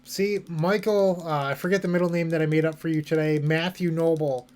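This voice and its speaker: A man's voice: on the high side, steady tone, brisk, darkish tone. A young man streaming a card game, thinking aloud and joking with his chat in a casual way. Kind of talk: casual commentary while playing.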